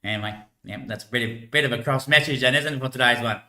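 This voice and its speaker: A man's voice: mid-range voice, racing, bright, forceful tone. A man with an Australian accent who rambles casually and laughs often as he jokes along. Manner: laughs often, loose and joking. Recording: echoey room.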